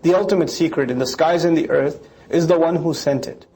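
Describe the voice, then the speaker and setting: A man lecturing on scripture. He explains it line by line and mimics critics in quick asides. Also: fairly high pitch, dark tone.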